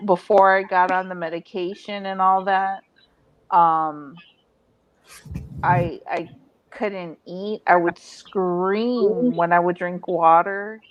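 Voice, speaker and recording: A woman's voice: on the low side, no room sound, highs cut off. A woman in casual chat among friends, speaking candidly and matter-of-factly. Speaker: channel host.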